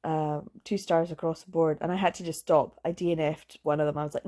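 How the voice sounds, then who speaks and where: A woman chatting casually as a book reviewer, candid and blunt, lively and quick to laugh, with plenty of filler words. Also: fairly low pitch. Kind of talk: casual vlog chat.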